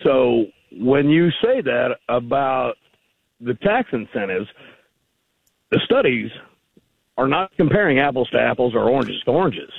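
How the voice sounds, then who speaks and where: A man's voice: mid-range voice, very animated, a little slow, gravelly, pauses often, slightly rough, no room sound. A man calling into a radio show, rambling and argumentative, heard over a tinny phone line. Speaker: caller. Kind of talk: call-in conversation.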